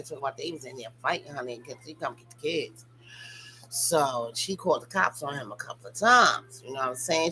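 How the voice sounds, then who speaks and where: A woman's voice: on the low side, bright, forceful tone, slight background noise, rough recording. A young woman giving casual, profane reality-TV gossip commentary, talking straight to her viewers. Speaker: commentary channel host.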